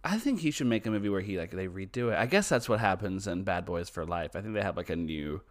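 A man's voice: low-pitched, lively intonation, quick pace. A man co-hosting a podcast in casual chat, swearing freely and trailing off mid-thought. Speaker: podcast co-host.

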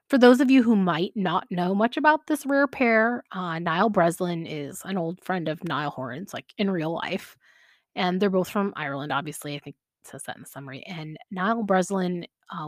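A woman's voice: lowish voice, lively intonation, normal speed, dry recording, studio quality. A woman hosting a podcast, chatting casually with frequent laughs and fillers. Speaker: podcast host. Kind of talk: casual chat about fan fiction.

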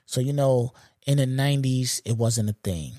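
A man in his forties hosting a solo podcast, ranting in a loose, profane, animated way and laughing at his own jokes. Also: medium pitch, normal speed, no room sound, studio quality. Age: 40s. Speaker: podcast host. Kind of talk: solo comedic podcast rant.

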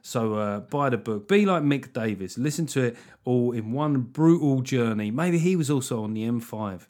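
A man's voice: medium pitch, animated, moderate pace, a little mellow. A middle-aged man hosting his own podcast, chatting casually with rambling, self-deprecating jokes. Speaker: comedian and podcast host. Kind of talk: casual solo podcast chat.

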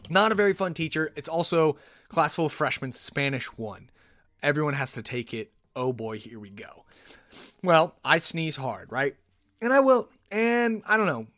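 A man hosting a podcast, telling rambling, animated stories and often cutting himself off. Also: fairly high pitch, normal speed, no room sound, clean studio sound. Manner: rambling, animated, self-interrupting. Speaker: podcast host. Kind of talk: casual solo podcast storytelling. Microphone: podcast microphone.

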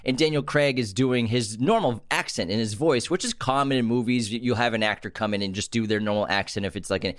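A man co-hosting a podcast, casually sharing film trivia in a relaxed, informative way. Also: mid-range voice, fast talker, few pauses, no echo, clean studio sound. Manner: relaxed, informative, trails off with fillers. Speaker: podcast co-host.

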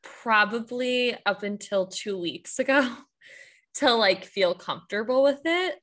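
A young woman with a Midwestern accent chats casually as a podcast guest. Her voice is bright and nasal, and her sentences keep rising at the end, full of "like". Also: fairly high pitch, lively intonation, measured pace. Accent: Midwestern American. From Midwest United States. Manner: nasal, rising endings, lots of "like". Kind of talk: casual chat.

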